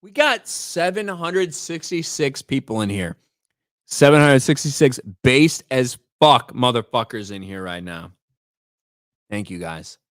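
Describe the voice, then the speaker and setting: A man hosts a live stream with a medium-pitched voice that swings widely in pitch, speaking unhurriedly on a dry, studio-quality recording. Blunt and profane, he stumbles into sentences by repeating words and reads out names from chat.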